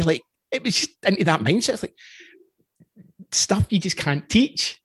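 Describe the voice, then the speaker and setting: A man's voice: on the high side, lively intonation, moderate pace, pauses often, slightly rough, dry recording, studio quality. A Scottish man in his forties hosting a podcast, chatting casually and telling rambling anecdotes with frequent chuckles. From Scotland. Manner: rambling storyteller, chuckles often. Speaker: podcast host. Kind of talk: casual interview chat.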